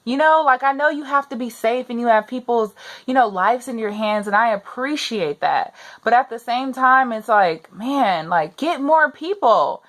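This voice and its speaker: A woman's voice: a little high, moderate pace, fairly bright tone. A young pregnant woman venting her frustration in a personal rant to the camera, repeating herself as she gets upset. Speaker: vlogger.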